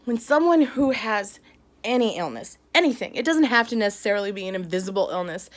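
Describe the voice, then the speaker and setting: A woman's voice: mid-range voice, animated, brisk. A middle-aged woman vlogging about a hard day, tearful and upset, talking in bursts with nervous laughs. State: tearful after crying. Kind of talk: emotional personal vlog.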